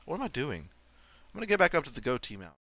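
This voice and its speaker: A man's voice: mid-range voice, huge pitch swings, rapid-fire, bright, forceful tone, no room sound. A young man giving casual, self-mocking commentary on his own game play, swearing and laughing often. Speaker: let's play host.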